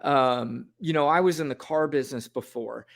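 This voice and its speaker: A man's voice: mid-range voice, moderate pace, creaky. A man hosting a podcast, talking frankly and casually about politics. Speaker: podcast host.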